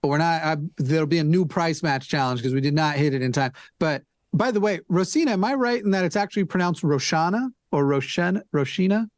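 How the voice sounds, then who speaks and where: A man's voice: fairly high pitch, fast talker, hardly any pauses, no echo. A man joining a charity livestream as a guest, joking, teasing and thinking aloud while he fixes his stream settings. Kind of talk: casual livestream chat.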